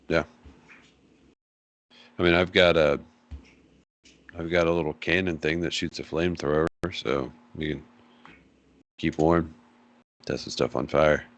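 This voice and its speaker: A man's voice: rumbling low, dull audio. A man playing in a tabletop game, speaking hesitantly and with many fillers. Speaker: player. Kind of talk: casual tabletop play.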